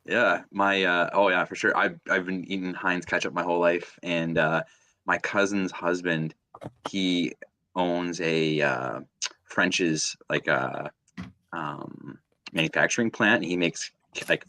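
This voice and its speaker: A man's voice: low-pitched, fairly even intonation, unhurried, bright, forceful tone. A man in a casual stream chat, talking hesitantly with lots of fillers.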